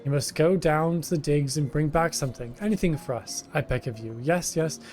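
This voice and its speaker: A man's voice: fairly high pitch, a little fast, darkish tone, faint music behind, natural voice. A man voicing a whiny, self-pitying male kobold foreman who repeats himself in strings of synonyms. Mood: lamenting. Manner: repeats words in lists of synonyms, pleading.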